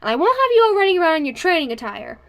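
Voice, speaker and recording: A woman's voice: very high voice, sing-song, racing, pitched above the performer's own voice, full character voice. A woman reading the part of a stern adult woman who gives strict orders to young competitors, in an audiobook. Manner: stern, commanding.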